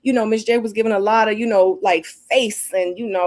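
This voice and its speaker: A woman's voice: medium pitch, moderate pace, few pauses, darkish tone. A woman in her forties, a former model, giving a casual, emphatic recap straight to camera, often tagging lines with "okay?" and "honey". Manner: sassy and emphatic, keeps adding "okay?" and "honey". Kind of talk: casual recap chat to viewers.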